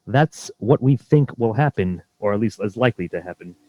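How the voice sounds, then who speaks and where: A man's voice: lowish voice, animated, normal speed, warm tone, no echo. A man co-hosting a casual podcast chat about films, rambling through fillers and restarts. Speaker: podcast co-host.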